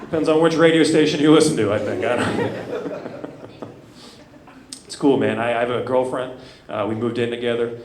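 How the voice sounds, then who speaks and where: A man of thirty doing a stand-up comedy set, swinging between loud outbursts and low muttered asides. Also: fairly even intonation, normal speed, long pauses, a crowd in the background. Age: 30s. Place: comedy club stage. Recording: echoey club with loud room noise.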